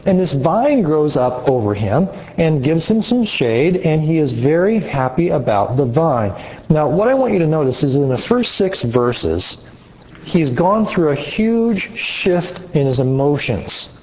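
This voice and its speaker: A man preaching an interactive sermon, animated and questioning his audience. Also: fairly high pitch, a little slow. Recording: muffled lo-fi recording.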